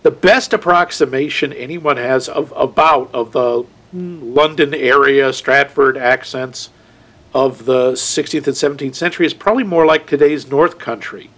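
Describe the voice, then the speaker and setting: A man's voice: mid-range voice, normal speed, a bit bright. A man co-hosting a casual movie podcast, chatty and jokey, slipping into silly voices. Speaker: podcast co-host.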